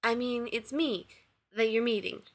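A woman voicing an embarrassed male military officer who talks in halting, hesitant bits. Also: fairly high pitch. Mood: awkward.

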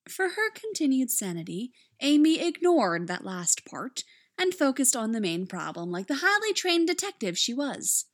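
A woman reading fan fiction aloud with expressive, animated storytelling. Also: high voice, normal speed. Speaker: reader.

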